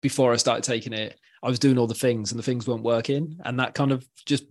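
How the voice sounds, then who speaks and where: A man in his thirties hosts a podcast in a casual, encouraging way, full of fillers and "you know." His voice sits at an ordinary middle pitch. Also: steady tone, fast. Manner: warm, encouraging, informal. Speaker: podcast host. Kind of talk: casual interview chat.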